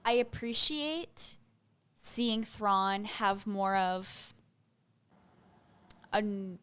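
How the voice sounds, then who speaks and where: Lady cohost on a podcast asking questions, nice smooth voice. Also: medium pitch, lively intonation, drawn-out words, a bit bright. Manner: questioning, thoughtful. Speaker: podcast co-host. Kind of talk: casual chat.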